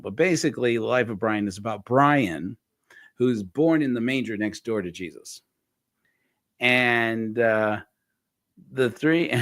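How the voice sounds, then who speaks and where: A man's voice: medium pitch, dry recording. A man hosting a casual livestream chat, rambling and self-correcting as he tells stories. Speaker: host.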